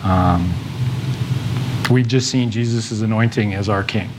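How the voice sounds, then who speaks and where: Halting, conversational male preacher. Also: lowish voice, background noise. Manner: conversational, halting with many restarts and fillers. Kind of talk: sermon.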